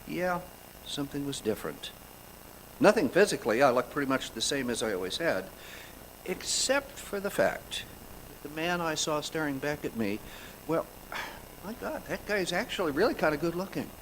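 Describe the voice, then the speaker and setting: A man's voice: on the high side, expressive, normal speed, a bit bright, a little hiss or hum, poor audio. Earnest man sharing a reflection. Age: 40s. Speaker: congregation member sharing a reflection. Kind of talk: personal reflection read at a church service. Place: church.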